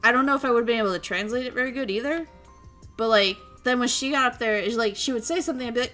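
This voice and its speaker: A woman streamer chatting casually, telling a story in an excitable way, laughing often and acting out what people said. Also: a little high, fast talker, soft background music. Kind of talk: casual chat.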